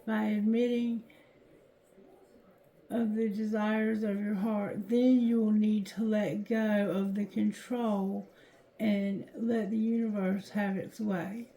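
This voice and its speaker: A woman doing a tarot reading, reading card text aloud slowly and haltingly, correcting herself as she goes. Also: medium pitch, little pitch movement, mellow. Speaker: tarot reader. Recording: roomy echo.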